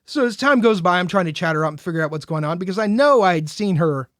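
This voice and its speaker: High-voiced man telling a story. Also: quick pace, no room sound, clean studio sound. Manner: animated storyteller, acts out quoted lines. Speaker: podcast co-host. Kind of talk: casual storytelling chat.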